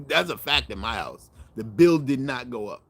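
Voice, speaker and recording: A man's voice: medium pitch, expressive, normal speed, bright, forceful tone, slightly rough, dry recording. A middle-aged man hosting a cooking channel, chatting casually to viewers in a rambling, self-correcting way and animating his stories.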